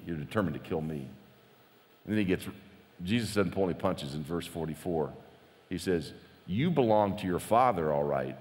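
A man preaching a conversational sermon as pastor, animated and lively, acting out the quotes he tells. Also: sits low, in a large hall.

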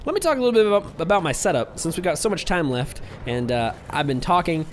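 Young male gaming commentator, hyped and scattered, slightly high voice, faint hiss behind. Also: expressive, quick pace. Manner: hyper, rambling, easily distracted. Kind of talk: casual gameplay commentary.

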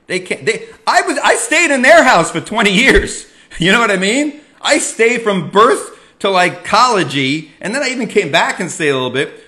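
Animated, bright-voiced comedian ranting. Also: male voice, high voice. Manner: animated, self-mocking ranting with sudden yells. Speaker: comedian host. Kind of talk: comic monologue.

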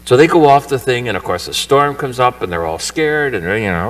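A male priest gives a homily at Mass in a church shrine, telling the story conversationally and energetically acting out the characters' lines. His mid-range voice is expressive, fairly quick and bright-toned with few pauses, heard from far off the mic.

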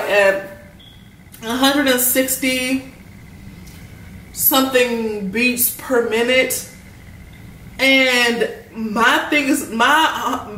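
A woman's voice: on the high side, reverberant, recorded from a distance, slight background noise, poor audio. Young woman rambling through a storytime. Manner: animated, rambling, lots of "like" and slang. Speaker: vlogger. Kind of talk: storytime while eating.

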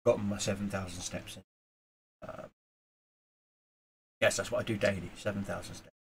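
A man talking straight to camera in a casual motivational vlog, earnest and rambling, moving from quiet reflection to emphatic urging. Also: on the low side, steady tone, moderate pace, creaky, a little hiss or hum. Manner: earnest, rambling, with fillers and repeats. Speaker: YouTuber.

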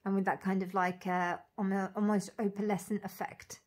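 A woman walking through an oracle deck card by card, calling out each name and meaning with soft, gushing admiration. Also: medium pitch, little pitch movement, normal speed. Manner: dreamy, admiring, lingers on single words; soft laughs and gushing asides. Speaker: tarot reader reviewing an oracle deck. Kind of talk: casual unboxing walk-through.

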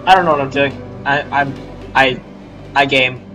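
A man giving casual, rambling, self-mocking let's-play commentary at home, with sudden loud outbursts. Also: mid-range voice, fairly even intonation, moderate pace. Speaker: gamer. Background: game music.

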